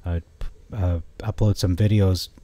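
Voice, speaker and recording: A man giving a casual, rambling stock chart analysis, often correcting himself and getting excited. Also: deep voice, moderate pace, no room sound. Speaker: stock market commentator.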